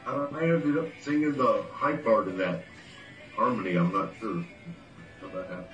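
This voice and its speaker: A man's voice: fairly low pitch, normal speed, fairly bright tone, faint music behind. A man guesting as a band member on a radio interview, easygoing and agreeable. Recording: roomy, distant, dull sound.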